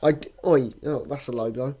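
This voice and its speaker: A man's voice: mid-range voice, a little fast, warm tone. Rambling young man on a podcast. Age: young adult. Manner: rambling, teasing, hesitant with many fillers. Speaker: podcast co-host. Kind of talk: casual chat.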